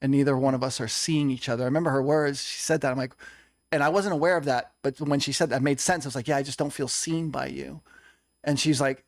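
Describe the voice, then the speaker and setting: A man's voice: mid-range voice, fairly even intonation, fast talker, no echo, studio quality. A young man telling a personal story in a conversation, earnest and confessional, acting out what others said. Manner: earnest, confessional, tells stories with quoted dialogue. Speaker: co-host.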